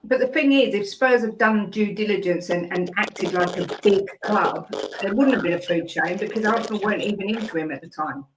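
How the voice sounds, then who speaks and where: A man's voice: sits high, fairly quick, hardly any pauses, noisy background. A man speaking as a Tottenham fan in a football debate, bitter and sardonic about his own club.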